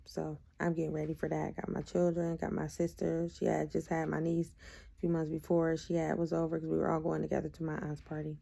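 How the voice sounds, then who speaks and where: A woman's voice: sits low, fairly quick, creaky. A young adult woman, casually retelling a personal story and acting out what was said. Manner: animated retelling, acting out her own quoted lines. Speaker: video host sharing her testimony.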